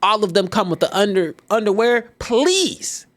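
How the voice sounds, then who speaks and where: A man's voice: high-pitched, brisk. A man hosting a podcast, doing a casual, playful ad read and chatting with his co-host. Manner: animated, playful, jokey.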